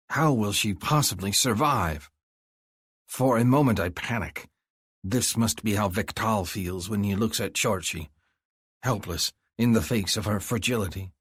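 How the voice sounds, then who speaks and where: A man giving gruff, measured first-person audiobook narration. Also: lowish voice, no echo, studio quality. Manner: gruff, measured, slow deliberate phrasing.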